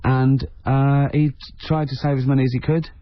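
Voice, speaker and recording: A man co-hosting a radio show, joking in a deadpan way with rambling asides and giving a loose film review. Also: mid-range voice, moderate pace. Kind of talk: casual radio banter. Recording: dull lo-fi radio recording.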